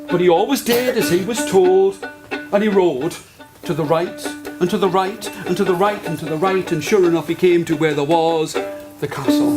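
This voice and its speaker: A male storyteller telling a folk tale live, coaxing the audience to join in, with loud fiddle music in the background. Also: high-pitched.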